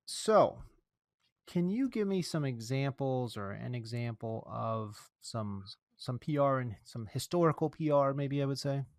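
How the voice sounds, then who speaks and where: A male podcast host chats casually with his co-host and drops playful jokes as he goes. His voice sits at an ordinary middle pitch. It is recorded close and dry, with no room sound around it. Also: expressive, unhurried, no echo. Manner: joking, playful asides.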